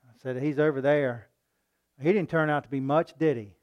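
A man preaching a sermon in a folksy style, often asking his listeners "right?" and loudly acting out the voices of a mocking crowd. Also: on the high side, normal speed, muffled recording. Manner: animated, acts out mocking crowds in loud voices.

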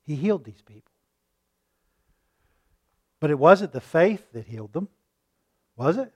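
Male preacher, fairly high voice, teaching tone with rhetorical questions. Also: a little slow. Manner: shifts between calm teaching and loud acted-out pleading. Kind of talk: sermon.

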